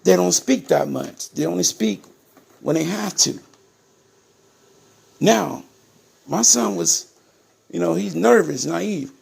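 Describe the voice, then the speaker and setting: A middle-aged man from Ohio speaks in a gravelly, husky voice that sits a touch high for a man. He talks straight to his viewers in a casual, emphatic monologue, circling back and repeating his points as he tells his story. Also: expressive, slow, pauses often, a little mellow. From Ohio, USA. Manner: emphatic and repetitive, addresses viewers as "people". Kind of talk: casual direct-to-camera monologue.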